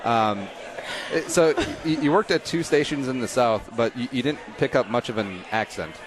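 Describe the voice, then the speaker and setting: A man in his thirties hosting a casual interview, joking and self-deprecating with quick asides. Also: mid-range voice. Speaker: podcast host.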